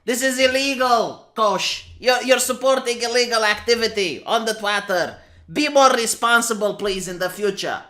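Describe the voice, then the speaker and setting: A woman's voice: fairly high pitch, normal speed, a bit bright. A woman from Romania giving an exasperated, sarcastic commentary rant, reading out posts and repeating herself. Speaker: commentary streamer. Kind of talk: ranting commentary reading tweets.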